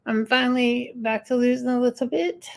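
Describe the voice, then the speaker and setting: A woman's voice: a little high, moderate pace, vocal fry. A woman hosting a casual live-stream chat, rambling and answering viewer comments. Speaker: livestream host.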